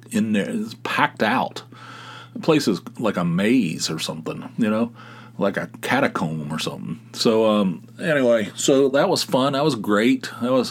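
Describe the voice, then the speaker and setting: A middle-aged man hosting a podcast, telling a rambling, sarcastic story in casual talk, with many restarts. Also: lowish voice. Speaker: podcast host.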